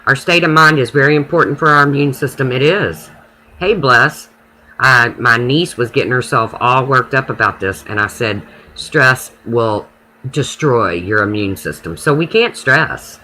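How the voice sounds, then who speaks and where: A man's voice: medium pitch, normal speed, pushed and bright, a little hiss or hum, low-quality recording. A man running a casual live stream, talking to his viewers and answering their comments by name in an emphatic, preachy way.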